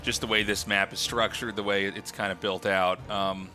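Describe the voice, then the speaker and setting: A man's voice: on the low side, little pitch movement, normal speed, sharp tone, faint music behind. A young man co-casting a live esports match in a chatty, joking way while he has the hiccups. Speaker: esports co-caster.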